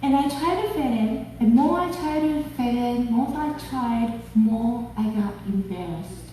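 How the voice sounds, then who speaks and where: Woman, 50s, Japanese accent, conference storyteller, expressive, reverberant hall, distant mic. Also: a little high, a little hiss or hum. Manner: slow, heartfelt, expressive telling. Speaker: conference speaker. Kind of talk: personal storytelling speech.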